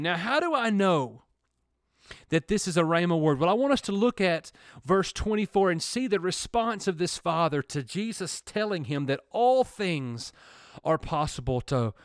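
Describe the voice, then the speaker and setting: Animated high-pitched male preacher. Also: no room sound, studio quality. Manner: animated, building emphasis with repeated words. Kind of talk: sermon. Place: church or studio program.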